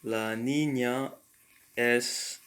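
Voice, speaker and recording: Male, mid-pitched, slow and halting, casual lesson commentary. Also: fairly even intonation, a bit bright, clean tone. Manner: slow, halting, thinking aloud with fillers. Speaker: language learner and tutor.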